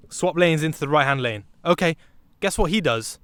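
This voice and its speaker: A young British man telling a comic storytime vlog, animated, with sudden loud bursts. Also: fairly high pitch, brisk, no echo. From Britain. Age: young adult. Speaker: vlogger.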